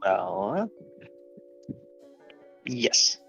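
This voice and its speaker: A man playing a tabletop game on a stream, speaking hesitantly with many pauses and fillers. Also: lowish voice, big pitch swings, pushed and bright, soft background music, rough recording. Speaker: player.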